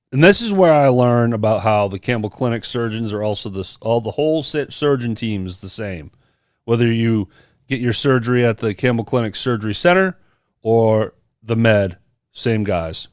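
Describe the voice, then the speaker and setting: A man's voice: mid-range voice, expressive, normal speed, no room sound, clean studio sound. A man on a podcast telling a personal story in casual chat, acting out the people he quotes. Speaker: podcast co-host.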